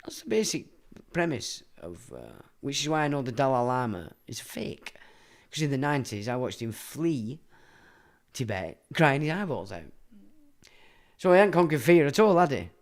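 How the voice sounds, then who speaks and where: A middle-aged man delivers a rambling livestream monologue. His talk is blunt and full of swearing, and his pitch swings widely as he rants. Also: big pitch swings, normal speed. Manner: blunt, profane, ranting. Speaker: livestream host.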